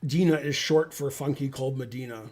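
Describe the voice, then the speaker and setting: Husky deadpan male chess commentator. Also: mid-range voice, moderate pace. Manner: dry deadpan wisecracks. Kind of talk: live-stream chess commentary.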